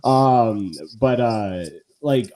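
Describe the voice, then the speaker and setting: A man's voice: medium pitch, drawn-out words, warm tone. A man co-hosting a live podcast in casual chat, rambling with lots of fillers and restarts. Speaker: podcast co-host.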